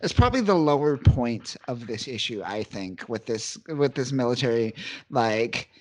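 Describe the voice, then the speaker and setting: Male podcast co-host, mid-pitched, casual and animated, recaps comics and voices characters. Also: moderate pace. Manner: animated, acts out characters' lines. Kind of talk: casual comic book discussion.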